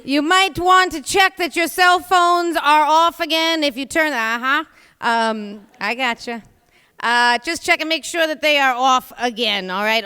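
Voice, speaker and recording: A woman's voice: sits high, sharp tone. A woman from New York with a New York accent, hosting and telling a comic story on a live stage with many chatty asides. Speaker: host and storyteller. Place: theater stage. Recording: reverberant live theater sound.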